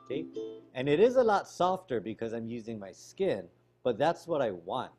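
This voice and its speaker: A man teaching a ukulele lesson over a video call, explaining strumming technique in a relaxed way while he demonstrates. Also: mid-range voice, normal speed, over music. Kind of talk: online music lesson. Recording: ukulele playing loud behind voice.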